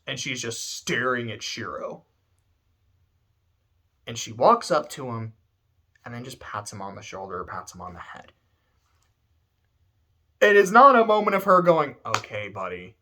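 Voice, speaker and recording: A man's voice: medium pitch, sharp tone. Casting: teary guy rambling, swears a lot, emotional talk. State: close to tears. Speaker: video essayist.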